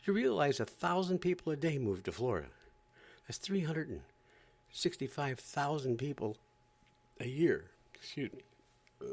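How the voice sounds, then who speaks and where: A man's voice: on the high side, very animated, normal speed, pauses often, darkish tone. A man hosting a podcast, ranting in an exasperated, sarcastic way and often repeating himself. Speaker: podcast host. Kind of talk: ranting commentary.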